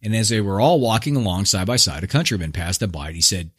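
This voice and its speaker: A man's voice: on the low side, animated, fast talker, hardly any pauses, fairly bright tone, breathy edge. A man hosting his own podcast, retelling an old fable in a laid-back, slangy, joking way. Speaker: podcast host. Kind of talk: casual storytelling monologue.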